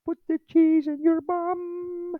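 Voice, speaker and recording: A man putting on a squeaky, high-pitched, mocking voice of a cult-movie character, drawn out slowly and taunting. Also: level tone, no echo, phone-quality sound.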